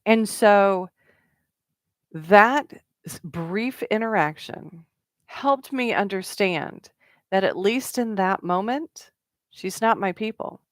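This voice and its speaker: The same kind of casual to-camera talk comes from a middle-aged woman coaching on networking, full of fillers and quoted asides she acts out. Her medium-pitched voice moves at a slow pace, captured in studio quality without any echo.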